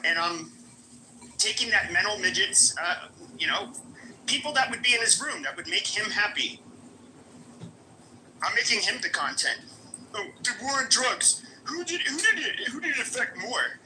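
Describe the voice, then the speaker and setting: A man's voice: high voice, bright, forceful tone, slight background noise, low-quality recording. A man hosting a live stream, talking in a crude, mocking and rambling way with many restarts. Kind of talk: profane casual live-stream chat.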